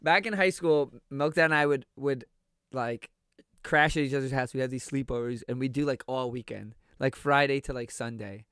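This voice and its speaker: A young man telling a funny story in casual chat, animated and full of filler words, often acting out quotes. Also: mid-range voice, moderate pace, clear, resonant tone, no room sound, studio quality.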